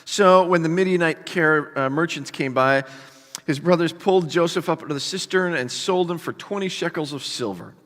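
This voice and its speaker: A male pastor preaching a sermon with animated storytelling and casual asides to the congregation. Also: a little high, normal speed. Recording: long hall reverb.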